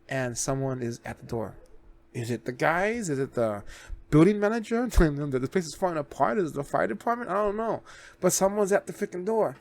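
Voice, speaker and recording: A man hosting a reaction video, recapping a series in a loose, rambling way with restarts and casual swearing. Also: fairly high pitch.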